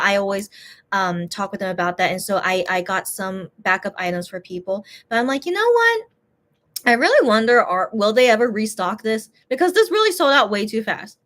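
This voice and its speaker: A woman who runs a shop, casually telling a story in an animated, exasperated way, with many restarts. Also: medium pitch.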